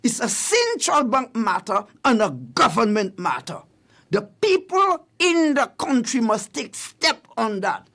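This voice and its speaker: This radio talk show host has an extremely high, pushed, bright voice, very animated yet unhurried. Speaking from a radio studio, he delivers emphatic commentary on public affairs and restates his key points for listeners.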